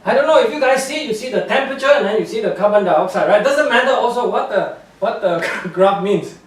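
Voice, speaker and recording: A man with a very high voice lectures an audience, animated and scornful, and laughs at his own points as he goes. His English has loose, non-native grammar. He sounds far from the mic, and the hall rings with a strong echo. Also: fairly quick. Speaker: guest speaker, scientist. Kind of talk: public lecture with slides.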